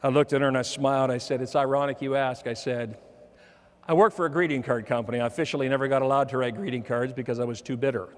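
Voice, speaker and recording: A man giving a motivational keynote talk, telling a personal story with humor and dropping softer for quoted lines. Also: mid-range voice, fairly even intonation, fast, slight background noise. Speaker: motivational speaker. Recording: long hall reverb.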